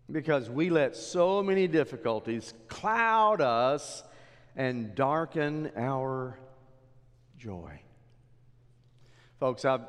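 A middle-aged male pastor preaching a sermon in a church, dropping low and then rising to emphatic exhortation. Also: clear, resonant tone. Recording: long hall reverb.

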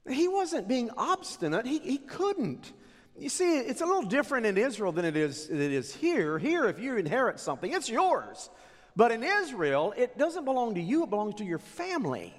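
A man preaching a sermon, retelling a scripture story with animated, dramatic delivery. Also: very high voice, moderate pace. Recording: echoey hall reverb.

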